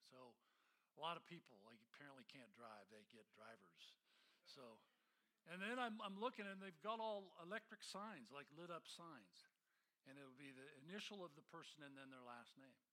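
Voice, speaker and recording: A middle-aged man preaching, his voice fairly high and bright. He tells stories with lively energy, acting out the voices of the people in them and laughing at his own misadventures. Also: moderate pace. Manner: animated storyteller, acts out voices, laughs at himself. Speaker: pastor. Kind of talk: sermon with personal storytelling.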